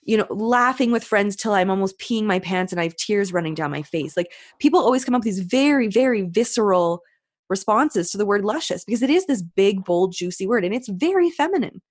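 A woman's voice: medium pitch, expressive, brisk. Enthusiastic woman podcast guest. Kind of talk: casual interview chat.

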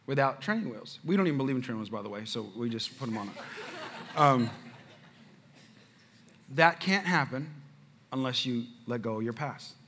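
A man, a father of five, preaching a sermon with animated storytelling, talking straight to the congregation. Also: medium pitch, normal speed, pauses often, slight background noise. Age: adult father. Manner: animated storytelling, addresses the crowd. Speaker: pastor.

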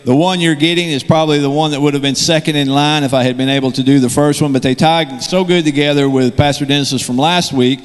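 A man's voice: on the high side, fairly even intonation, quick pace, few pauses, smooth, long reverb tail. Joking man preaching in a ringing church. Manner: joking, conversational, rambling asides. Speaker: guest preacher. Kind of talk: sermon. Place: church sanctuary. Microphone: handheld microphone.

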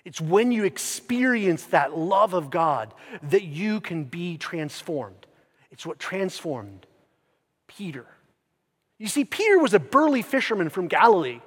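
A man's voice: sits high, big pitch swings, measured pace. Emphatic male preacher in reverberant church. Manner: swings from loud emphatic bursts to hushed near-whispers. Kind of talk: sermon.

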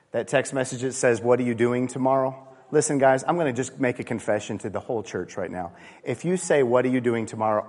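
A man preaching a conversational sermon with rhetorical questions and playful asides in a church. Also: on the high side. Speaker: pastor. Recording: long reverb of a large hall.

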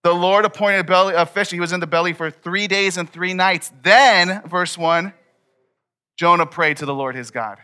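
Young male pastor, bright and a touch high, casual sermon delivery. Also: moderate pace, smooth. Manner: casual, conversational preaching with many "like"s. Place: church hall before a congregation.

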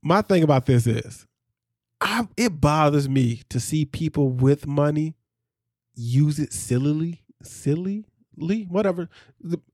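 A man co-hosting a podcast in casual chat, animated and jokey. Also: a little high, no room sound, studio quality. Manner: animated, jokey, quick asides. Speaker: podcast co-host.

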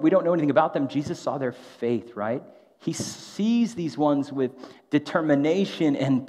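A man whose voice sits on the high side yet has a darkish tone preaches a sermon. He's a pastor speaking casually, as if in conversation, and he often throws in a rhetorical "right?". Long hall reverb and dull, lo-fi audio mark the recording.

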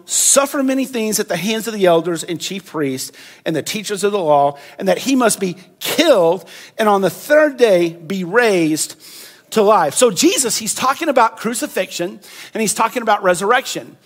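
A pastor delivers a sermon in a conversational way. His voice sits high for a man. He acts out the people in his story with animated delivery. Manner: animated, conversational preaching with acted-out quotes.

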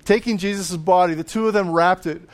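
Speaking quickly in a high register, this pastor delivers his sermon like a conversation. He laughs at times and gives voice to the biblical characters he describes.

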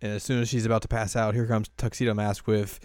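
A man's voice: lowish voice, little pitch movement, fast, a little mellow, clear, resonant tone, dry recording. A man co-hosting a casual chat, dry and teasing, often laughing. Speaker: podcast co-host.

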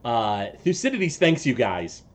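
A man narrating a tabletop session as game master, stopping and restarting often, thinking aloud as he describes the scene. His voice sits at an ordinary middle pitch. He talks casually and unscripted. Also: sing-song. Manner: halting, many fillers and restarts.

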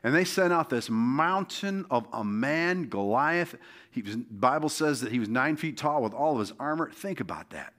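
A man's voice: mid-range voice, animated, moderate pace, a bit bright. A man preaching a sermon as pastor, impassioned and exhorting, often urging his listeners on. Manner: impassioned, exhorting, repeats "come on" and "all right".

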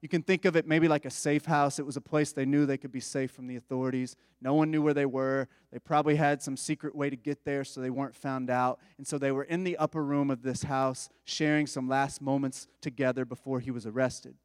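A man preaching a sermon as a pastor, in a relaxed conversational way that often checks in with listeners. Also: medium pitch, a little fast, hardly any pauses, clear, resonant tone, no room sound, clean studio sound. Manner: conversational, asks listeners for agreement.

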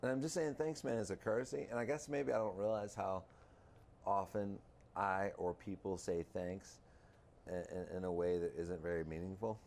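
Man, low voice, casual storyteller, swears freely, faint background hiss. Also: moderate pace, creaky. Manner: animated storyteller, swears, mimics others in a high voice. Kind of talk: casual chat.

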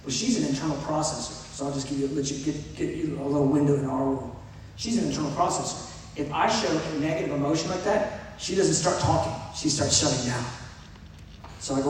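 A man's voice: a little high, brisk. A middle-aged man preaching a sermon, talking earnestly and conversationally with asides to his congregation. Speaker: pastor. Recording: echoey hall from far off, faint noise.

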